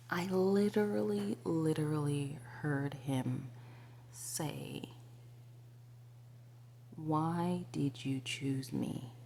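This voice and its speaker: A woman telling a personal spiritual story to her viewers, confiding and often slipping into a breathy whisper, with many asides to the listener. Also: on the low side, dark tone, slight background noise. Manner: frequent fillers and asides to the listener. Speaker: spiritual vlogger.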